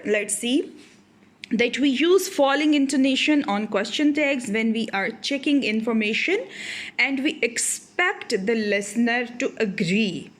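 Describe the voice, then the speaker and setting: A woman teaching a grammar lesson over slides, explaining slowly and deliberately with examples. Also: a little high. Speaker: English teacher.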